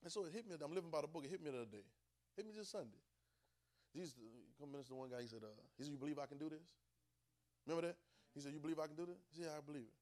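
Dialect-speaking preacher swinging from soft to loud. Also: male voice, on the high side, lively intonation, very fast. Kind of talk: sermon.

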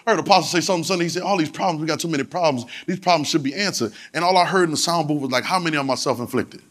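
A man preaching to a congregation with a somewhat high voice. He talks in a colloquial, repetitive way and keeps urging the crowd to answer back. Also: rapid-fire, fairly bright tone. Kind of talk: sermon with call-and-response.

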